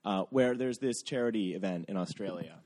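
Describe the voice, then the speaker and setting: A man's voice: sits low, brisk, a little mellow, a little hiss or hum. A man hosting a casual comedy podcast, rambling with many "like" fillers as he sets up stories. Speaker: podcast host.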